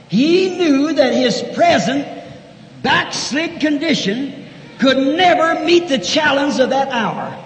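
A man with a very high, ringing voice preaches a fervent sermon in a large church. He swings between shouted peaks and quiet, intimate asides. The old recording carries a long hall reverb and a faint hiss underneath.

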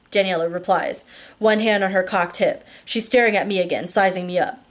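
A woman reading a first-person novel aloud, steady with small slips and restarts. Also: mid-range voice, a little fast. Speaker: audiobook reader.

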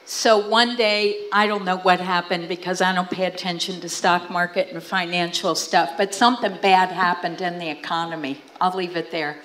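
A woman's voice: fairly low pitch, moderate pace, hardly any pauses, poor audio. A middle-aged woman telling family stories to a church audience, acting out what family members said. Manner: animated storytelling, acting out quoted family talk. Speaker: guest speaker. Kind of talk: storytelling talk to a church audience.

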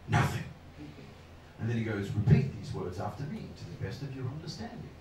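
A man's voice: mid-range voice, big pitch swings, moderate pace, a bit bright. A male stand-up comedian telling a story on stage, swearing and laughing as he talks. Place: live comedy venue with audience. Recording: roomy venue, distant mic, audience noise.

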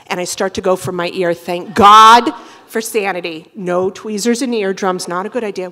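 A woman telling a true personal story live on a theater stage. She tells it in a profane, animated, comic way, full of quick asides. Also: mid-range voice. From Boston area.

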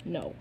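A woman voicing an excitable male cowboy toy sheriff in gameplay commentary, repeating and sputtering words. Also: medium pitch, noisy background, natural voice. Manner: repeats phrases over and over, sputters and stammers. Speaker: gamer playing in character.

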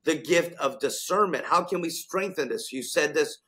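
A man's voice: a little high, expressive, normal speed, a bit bright. A man hosting a faith talk show, asking his guest questions and breaking into fervent prophetic declarations. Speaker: show host.

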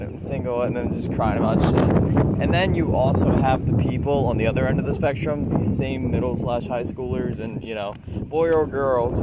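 A man vlogging in a casual, profane, rambling rant, out of breath from walking outdoors. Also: mid-range voice. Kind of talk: casual ranting vlog. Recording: loud wind noise on the mic.

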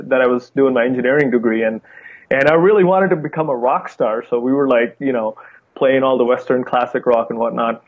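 A young Indian-accented man speaks as an interview guest, friendly and eager, with filler words along the way. His voice comes through a thin, phone-like video call line, pitched in an ordinary middle range. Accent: Indian, softened by time in the U.S. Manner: friendly, enthusiastic, with fillers and light laughs. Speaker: wildlife conservationist guest. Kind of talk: casual interview talk. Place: home room with a guitar behind him.

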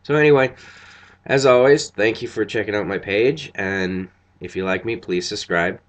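Deep-voiced man rambling through a review. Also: moderate pace. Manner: rambling, many fillers and restarts. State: tired after a long night. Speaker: vlogger reviewing a TV episode. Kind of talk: casual spoken review.

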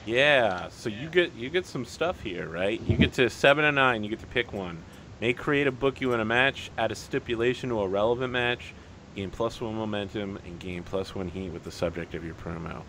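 A man narrating and running a tabletop wrestling game as game master, lively and casual. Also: on the low side, moderate pace, a little hiss or hum. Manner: lively, puts on crowd voices.

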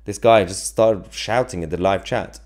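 A man with a low voice, talking at normal speed, hosts a political livestream. He chats casually and jokily while reading viewer comments, chuckling often and drifting into rambling asides.

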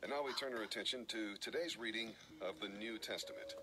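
A man reading scripture aloud in a steady, measured way. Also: lowish voice, music in the background, low-quality recording. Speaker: scripture reader.

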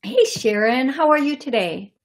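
A woman's voice: high-pitched, expressive, moderate pace. A woman hosting a call-in radio show as a psychic medium, chatting in a friendly way with callers and the chat.

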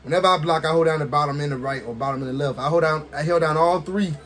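Excitable high-voiced man commentating gameplay. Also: rapid-fire. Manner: excitable, talks to the game characters, laughs often. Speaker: gaming streamer.

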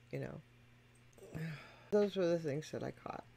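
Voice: medium pitch, takes it slowly, creaky, mellow, a little hiss or hum. A music reaction host explaining to viewers. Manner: emphatic and explanatory, addresses viewers directly. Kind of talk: casual spoken commentary to viewers.

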